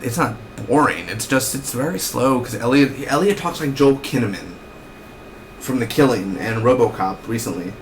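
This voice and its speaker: A man's voice: mid-range voice, animated, moderate pace, slight background noise. A young man reviewing a TV episode in a casual recap, rambling and ranting with lots of fillers and restarts.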